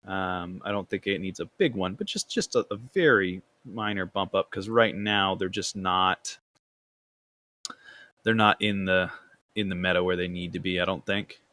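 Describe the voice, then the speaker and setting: A man's voice: low voice, normal speed, pushed and bright, dry recording. A man hosting a casual gaming podcast, rambling with fillers and restarts. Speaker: podcast host.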